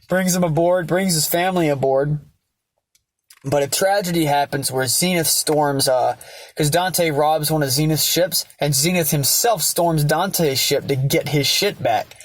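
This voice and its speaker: A man's voice: fairly high pitch, normal speed. A young man casually and ramblingly retelling a story, swearing and using many fillers. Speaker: vlogger.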